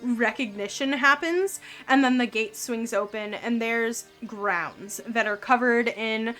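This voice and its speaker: A woman game master narrates a tabletop game, describing places in loose, filler-heavy speech. Her voice is bright and sits slightly high. Faint background music plays under her. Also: slow.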